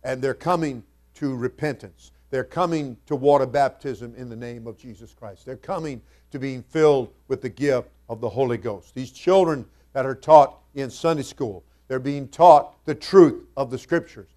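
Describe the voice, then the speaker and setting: A man, the senior pastor, preaching a sermon that moves from quiet, conversational asides to loud, emphatic scripture readings in King James wording. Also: medium pitch, moderate pace, few pauses.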